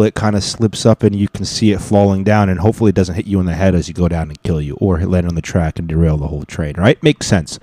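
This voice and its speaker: A man's voice: fairly low pitch, darkish tone, no room sound. A young man telling a comic story casually, rambling and swearing freely, often correcting himself mid-sentence. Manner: rambling, profane, self-correcting.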